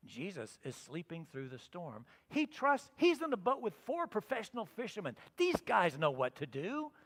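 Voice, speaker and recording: A middle-aged pastor preaches to his congregation, his voice high and swinging widely in pitch as he acts out his own thoughts in a personal story. He moves from loud and emphatic to soft and quiet. A long reverb from the church sanctuary hangs on his words. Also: wildly swooping pitch, moderate pace. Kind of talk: sermon.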